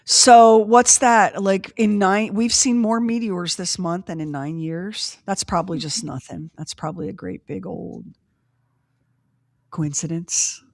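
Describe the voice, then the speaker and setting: A woman's voice: medium pitch, steady tone, measured pace, vocal fry, no room sound, clean studio sound. A woman hosting a podcast, chatting casually in a wry, drawling way. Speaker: podcast host. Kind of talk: casual chat.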